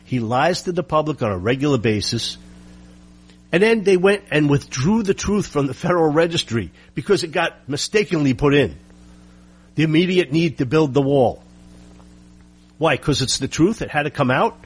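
A man delivering a combative, sarcastic political monologue full of rhetorical questions, with a husky voice. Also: a little high. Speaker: political commentator.

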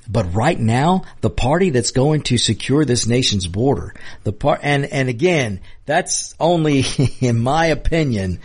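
A man's voice: mid-range voice, slightly rough. A man delivering a heated opinion monologue as a political commentary host, emphatic and repetitive. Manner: impassioned, emphatic, repeats himself.

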